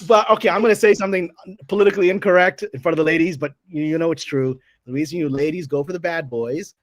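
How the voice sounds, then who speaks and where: A man's voice: a little high, dry recording. A man, a guest on a podcast, lecturing in a provocative, opinionated way. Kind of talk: casual podcast chat.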